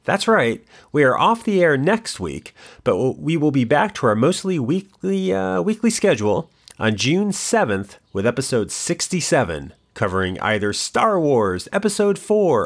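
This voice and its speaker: A male podcast co-host reading a scripted closing announcement. His pitch moves freely and his delivery stays upbeat and announcer-like. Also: sing-song, moderate pace.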